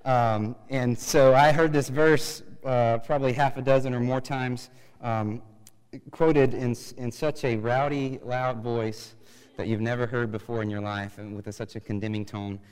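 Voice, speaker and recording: A man preaching a sermon, chatty and joking, rising to loud emphatic bursts. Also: mid-range voice, steady tone, a little slow, clear, resonant tone, big-room sound, low-quality recording. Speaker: pastor.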